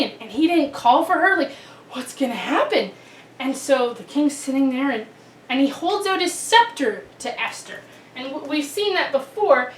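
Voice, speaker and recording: A woman telling children a Bible story in a chatty, animated way, with many restarts. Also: high-pitched, slight background noise. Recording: roomy, distant mic.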